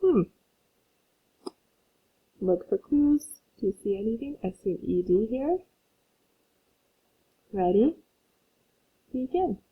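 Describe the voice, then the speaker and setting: A woman's voice: a little high, big pitch swings, husky. A woman teacher giving a phonics lesson to children, patiently reading a story aloud and explaining syllables. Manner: slow, patient, reads aloud to young learners. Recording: tinny phone-like audio.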